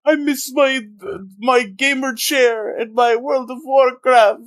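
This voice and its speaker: A man's voice: fairly even intonation, takes it slowly, a bit bright, dry recording, studio quality, heavily acted. A man putting on a vague European accent to play a whiny, pampered young man stranded without his comforts. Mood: whining. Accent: vague generic European put-on. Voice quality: high, complaining.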